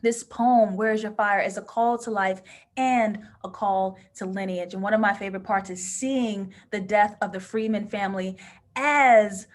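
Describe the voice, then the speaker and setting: A woman's voice: medium pitch, steady tone, moderate pace. A woman hosting a live TV episode review and reading viewer comments, talking passionately and emotionally. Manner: passionate and emotional, given to sudden laughing outbursts. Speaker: host of a live TV review show.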